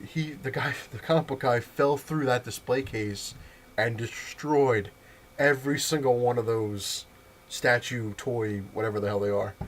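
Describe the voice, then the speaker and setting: Casual male vlogger, mid-pitched, rambling storyteller who keeps laughing, faint noise behind. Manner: rambling, full of fillers and restarts; laughs often while telling the story.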